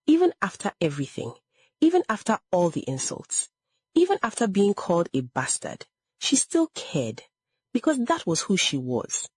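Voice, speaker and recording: A woman narrating a scripted story in a measured, emotive storytelling manner. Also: mid-range voice, wildly swooping pitch, darkish tone, breathy edge, dry recording.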